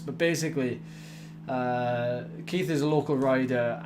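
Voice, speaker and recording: In his home indoor training room, a man in his twenties chats casually with viewers on a cycling livestream, tired after a hard effort and rambling with fillers and restarts. His voice is mid-range, with slight background noise.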